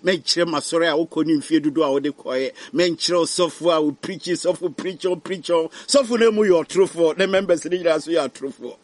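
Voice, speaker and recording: A man preaching a fiery sermon, swinging from hushed warnings to loud cries. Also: on the high side, normal speed, few pauses, no echo.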